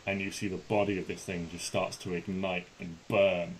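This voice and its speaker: A man narrating as game master of a tabletop game, describing the action in a relaxed, halting way with many fillers. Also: sits low, slight background noise, poor audio.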